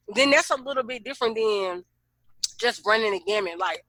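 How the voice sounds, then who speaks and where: A woman co-hosting a podcast, chatting casually and expressively, her voice rising loud when she gets excited. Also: a little high, fairly quick, no room sound. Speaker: podcast co-host. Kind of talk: casual chat.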